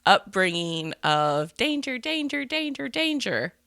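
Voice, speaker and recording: Young woman co-host, lotta vocal fry, dry quick jokes. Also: fairly high pitch, big pitch swings, bright, forceful tone. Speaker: podcast co-host. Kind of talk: casual book-club chat.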